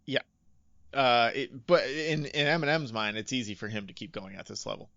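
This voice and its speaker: A man's voice: mid-range voice, steady tone, moderate pace, a bit bright, no room sound, lo-fi sound. A man co-hosting a podcast, chatting casually and animatedly as he breaks down rap lyrics, swearing freely. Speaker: podcast co-host.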